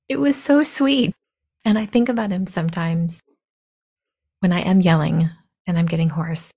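A woman's voice: lowish voice, moderate pace, long pauses, dark tone. Scratchy-voiced woman podcaster recovering from a cold. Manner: blunt, candid. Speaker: podcast host. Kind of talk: personal storytelling monologue.

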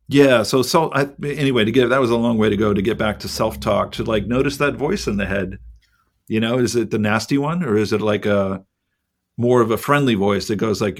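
A middle-aged man in casual podcast chat, rambling and candid, with lots of "like" and the odd swear word. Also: on the low side. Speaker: podcast co-host.

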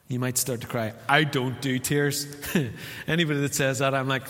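A man's voice: medium pitch, animated, moderate pace. A man with a Northern Irish accent preaching a sermon as pastor in a church, in a conversational way, acting out little dialogues with his listeners. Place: church hall. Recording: long reverb of a church hall.

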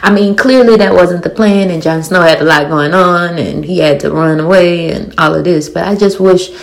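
Gravelly-voiced Louisiana woman in her forties. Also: on the low side, normal speed. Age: 40s. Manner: animated, blunt and outspoken, with swearing and rhetorical questions. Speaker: TV show reviewer. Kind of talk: casual episode recap and commentary.

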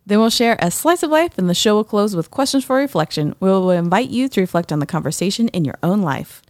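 Her medium-pitched voice is expressive, fast, and darkish in tone, with no echo. This podcast co-host speaks candidly and reflectively about personal experience in a casual conversation, full of fillers and restarts.

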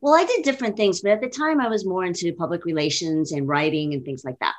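A frank, lively woman in her fifties from Los Angeles, speaking with a fairly low voice. She talks openly and casually as a podcast guest, laughing easily. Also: fast talker. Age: 50s. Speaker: guest fitness trainer.

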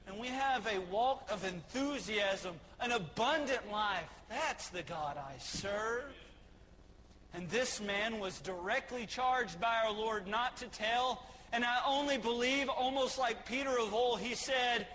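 A man preaching a sermon, building to shouted emphasis with repeated rhetorical questions, over faint room ambience. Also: high voice, lively intonation, a little slow, big-room sound, a little hiss or hum, poor audio. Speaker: pastor.

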